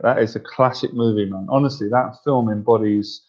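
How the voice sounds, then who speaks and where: A male dating coach chats casually with his group, playful and quick to laugh. His voice sits at a middling pitch. The recording is dull and lo-fi. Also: steady tone, a little mellow. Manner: chatty, playful, often laughing.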